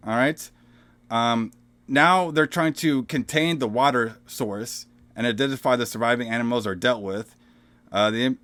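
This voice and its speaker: A man's voice: mid-range voice, a bit bright. A man co-hosting a casual horror movie podcast, talking loosely and profanely, full of "bro" and "all right?". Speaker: podcast co-host.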